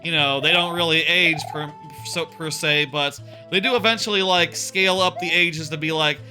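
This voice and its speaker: Male streamer, thirties, rambling casual game-stream chatter, bright sharp voice, music faintly behind. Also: fairly high pitch, fairly even intonation, normal speed, hardly any pauses. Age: 30s. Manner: rambling, many fillers and restarts. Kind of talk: casual live-stream chat while playing.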